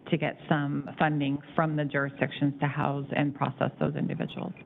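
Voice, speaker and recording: A woman's voice: low-pitched, flat delivery, brisk, gravelly. A woman on county staff giving budget figures at a public meeting in a matter-of-fact way. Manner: matter-of-fact, careful with numbers. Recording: tinny phone-like audio with faint hiss.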